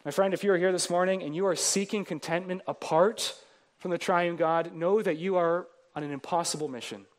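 High-voiced man preaching a sermon. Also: a little fast. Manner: earnest preaching with swelling emphasis and repetition. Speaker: pastor.

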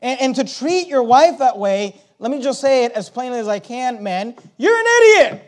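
A middle-aged man, a pastor preaching a sermon, swinging between soft confiding talk and loud emphatic lines. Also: extremely high pitch, very animated, moderate pace.

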